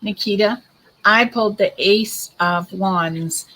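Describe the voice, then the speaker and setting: Speaking slowly at a medium pitch with a fairly bright tone, a woman works as a psychic card reader, hosting a live online stream. She offers chatty, reassuring readings and calls viewers hun and girl, though the audio is poor.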